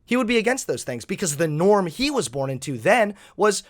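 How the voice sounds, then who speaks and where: A man hosting reaction commentary, animated, mocking and profane. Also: high-pitched, a little fast. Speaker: host.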